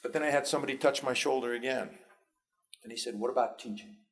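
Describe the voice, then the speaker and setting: A man in his fifties with a New York accent, a school superintendent, speaks fast with vocal fry and fairly even intonation in a medium pitch. His motivational talk to students leans on personal stories, delivered earnestly with restarts.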